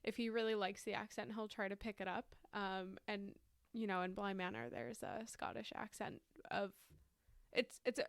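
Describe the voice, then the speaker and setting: Creaky-voiced chatty podcast woman. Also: a little high, dry recording, studio quality. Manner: chatty, reactive, laughs along. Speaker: podcast co-host. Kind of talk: casual chat.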